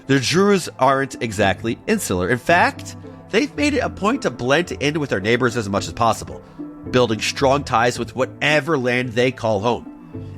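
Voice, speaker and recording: A man hosting a scripted history explainer, playful and animated, with jokey asides. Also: medium pitch, normal speed, faint music behind. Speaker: podcast host.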